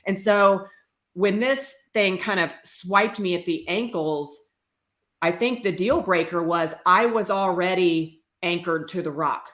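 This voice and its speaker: A woman's voice: on the low side, unhurried, a bit bright, echoey room. A woman guest on a talk show, earnestly telling the story of her grief and faith in a reflective way.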